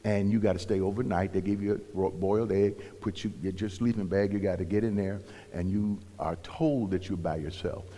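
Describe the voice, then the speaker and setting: A male pastor from Cleveland, Ohio, telling a story in a sermon, animated, rising to loud emphasis and dropping to hushed whispers. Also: sits low, brisk, hardly any pauses, big-room sound. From Cleveland, Ohio, USA. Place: church sanctuary.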